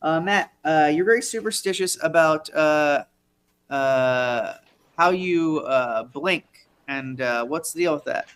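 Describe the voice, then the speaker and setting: A man hosting a live improv show, rambling and hesitant with a dry, deadpan touch. His voice is bright and a bit higher than most men's. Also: slow pace, smooth. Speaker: host.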